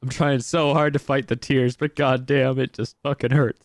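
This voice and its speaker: A man who is holding back tears talks in a halting, cursing way. His voice sits at an ordinary pitch. The sound is dry and close. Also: flat delivery, no room sound. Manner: swearing, halting. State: tearful. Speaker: player. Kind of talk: casual chat.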